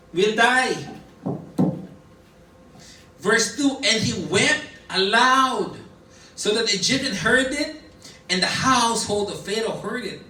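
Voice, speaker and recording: A man with a Filipino accent preaching a sermon, telling a scripture story in a lively way and slipping in Tagalog asides. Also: extremely high pitch, slight background noise. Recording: echoey room picked up from a distance.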